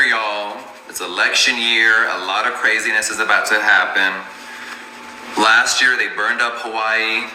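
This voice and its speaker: A man's voice: on the low side, pushed and bright. A man ranting to his livestream viewers from his kitchen, drawling and sassy, calling them baby and y'all. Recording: echoey room with faint noise.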